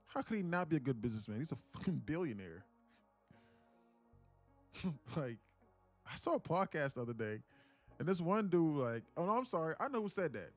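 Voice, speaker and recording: Rambling, excitable male live-streamer. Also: a little high, brisk, pauses often, faint music behind. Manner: rambling and excitable, repeats himself, swears. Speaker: day trading streamer. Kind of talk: casual live-stream commentary.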